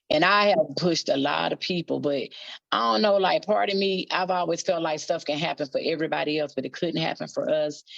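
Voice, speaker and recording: A woman's voice: lowish voice, no echo, dull audio. A woman, a gospel quartet singer, talking bluntly and colloquially as a guest in a candid interview. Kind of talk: candid casual interview talk.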